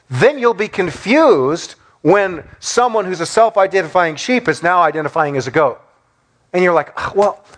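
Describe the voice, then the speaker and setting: A man's voice: sits high, a bit bright. A man preaching a sermon, asking rhetorical questions and acting out the lines he quotes in little voices. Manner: acts out quoted speech in small voices. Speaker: pastor.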